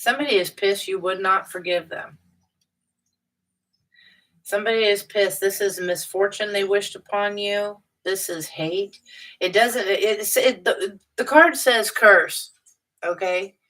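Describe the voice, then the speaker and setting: A woman's voice: medium pitch, unhurried, fairly bright tone, recorded from a distance, low-quality recording. A woman giving a casual tarot reading, blunt and chatty, with many fillers and restarts. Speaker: tarot reader.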